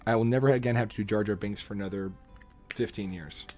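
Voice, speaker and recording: A young man chatting casually on a live stream, animated, laughing often and slipping into quick impressions. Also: fairly low pitch, soft background music.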